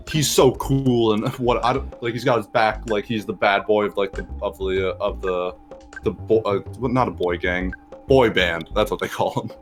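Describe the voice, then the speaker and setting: A man talks through a game session in a loose, rambling way, gushing and swearing as he goes. His voice sits low. Faint music plays beneath him. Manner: rambling, enthusiastic, swears casually. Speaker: co-host. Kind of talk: casual chat over gameplay.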